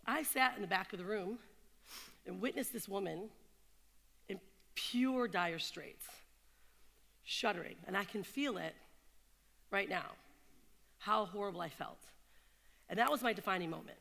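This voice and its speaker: A woman's voice: medium pitch, a little slow, vocal fry, long pauses. A woman in her thirties giving a motivational talk to an audience, telling stories and asking the crowd questions. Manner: animated storyteller, asks the crowd questions. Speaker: keynote speaker. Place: event hall in London. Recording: long reverb of a hall.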